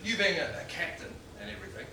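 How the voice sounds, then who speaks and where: An actor plays a cheeky young New private with a bright, high, swooping voice and a sardonic wit. He sounds distant in an echoing theatre, with noise in the recording. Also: sing-song, quick pace, vocal fry, heavily acted. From New Zealand. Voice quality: wisecracking, sardonic. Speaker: soldier character. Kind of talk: stage play acting. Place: theatre stage. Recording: roomy distant stage recording, noisy.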